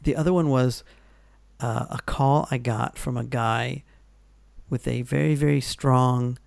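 A man's voice: mid-range voice, steady tone, a little slow, vocal fry, a little mellow, no room sound. A man telling rambling stories in casual chat, full of fillers and restarts.

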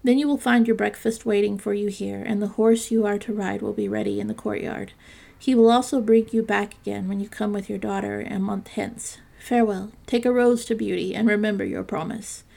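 A woman's voice: medium pitch, fairly quick, creaky, mellow. A woman voicing an angry male beast who rules an enchanted palace, speaking sternly and grimly in a storybook reading. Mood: commanding. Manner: stern, threatening, grim.

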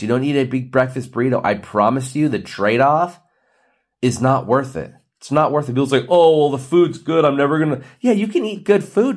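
Guy around 40 ranting on his podcast, blunt and preachy, cracks jokes, middle pitch. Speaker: podcast host. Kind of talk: ranting monologue.

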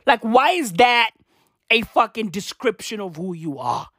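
A woman's voice: on the high side, very animated, measured pace, fairly bright tone, no room sound, studio quality. Slangy, profane young woman ranting. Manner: slangy, profane, repetitive, laughs at own jokes. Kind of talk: profane comic rant.

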